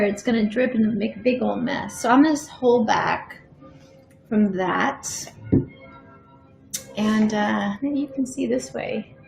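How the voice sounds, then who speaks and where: In her home art studio, a woman hosts a live stream, chatting casually as she paints and dropping to a murmur while she works. Her mid-range voice is gravelly with a darkish tone, and she thinks aloud unhurriedly with fillers. The room is echoey, with faint music in the background.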